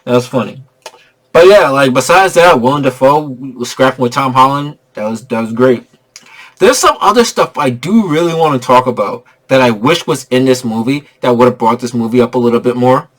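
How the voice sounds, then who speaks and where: A man giving a casual spoiler movie review, excitable and profane, laughing often and a bit tipsy from drinking. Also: mid-range voice, fairly quick. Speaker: film reviewer.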